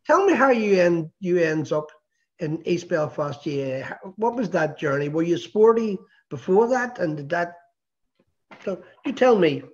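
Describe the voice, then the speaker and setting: A man hosts a casual interview, asking rambling questions and teasing his guest. His voice is high-pitched, sing-song and a little mellow, at a moderate pace, on a dull lo-fi recording.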